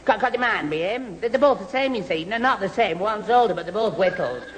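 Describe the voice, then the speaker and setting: A man's voice: high voice, expressive, fairly quick, a bit bright, slight background noise. A man playing a bumbling young man who stammers and rambles in tangles in a 1970s radio comedy. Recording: old radio recording, echoey hall, faint audience.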